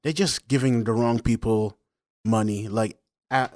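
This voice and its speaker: A man's voice: medium pitch, steady tone, unhurried, a little mellow, no room sound. A man co-hosting a podcast in casual chat, rambling and losing track of names. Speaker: podcast co-host.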